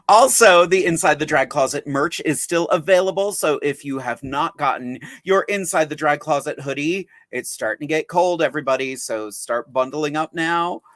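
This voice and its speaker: A man hosts a live podcast in chatty, upbeat talk and keeps poking fun at himself. His voice sits fairly high for a man. The sound is close and dry. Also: a bit bright, no room sound. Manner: chatty, upbeat and self-mocking. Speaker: podcast host and drag artist. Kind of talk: casual livestream chat.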